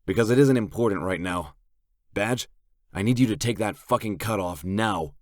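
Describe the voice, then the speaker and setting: A man's voice: fairly low pitch, moderate pace, darkish tone, dry recording, studio quality, close to an everyday voice. A man reading an audiobook, voicing a commanding adult male biker with a firm manner. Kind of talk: audiobook character voice.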